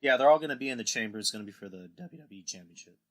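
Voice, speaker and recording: A man's voice: medium pitch, animated, rapid-fire, fairly bright tone. A man hosting a casual podcast, rambling through recaps and acting out quotes in put-on voices. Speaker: podcast host. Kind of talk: casual wrestling podcast chat.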